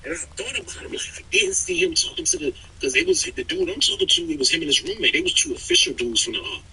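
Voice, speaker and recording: A man's voice: very high-pitched, quick pace, creaky, recorded from a distance, slight background noise, poor audio. A man streaming, telling a long story in casual chat and acting out the people in it. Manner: animated, acts out quoted people in raised voices.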